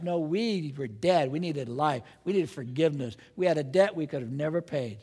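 A man preaches with a high, bright voice, lively and dramatic, firing rhetorical questions at the congregation. His voice rings out with the long reverb of a large church hall. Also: moderate pace, hardly any pauses, slightly rough. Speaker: pastor. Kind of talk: sermon.

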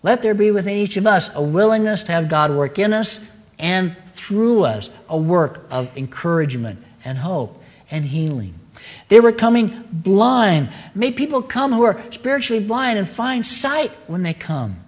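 A man's voice: high voice, animated, normal speed, in a large hall. A man preaching a sermon as pastor, earnest and emphatic, repeating his key phrases.

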